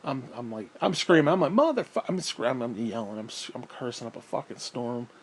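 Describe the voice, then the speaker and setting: Here a vlogger at home recounts a meandering tale in a casual indoor video, full of profanity and repeated sighs. His voice sits in the mid range and moves fairly quickly.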